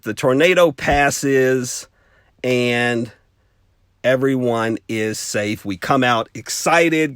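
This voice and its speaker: A man hosting a children's lesson, telling a story in an animated way and checking in with "okay?". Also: medium pitch, no echo, clean studio sound. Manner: animated, talks straight to children with frequent "okay?". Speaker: children's ministry host.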